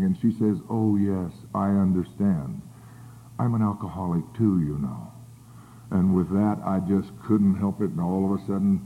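An older man telling a rambling personal recovery story to a group, with many fillers and restarts. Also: fairly low pitch. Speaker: speaker sharing his recovery story. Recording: tinny phone-like audio.

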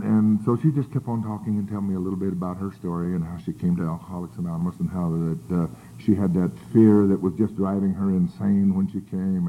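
An older man telling a rambling personal recovery story to a group, with many fillers and restarts. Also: lowish voice. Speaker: speaker sharing his recovery story. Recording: tinny phone-like audio.

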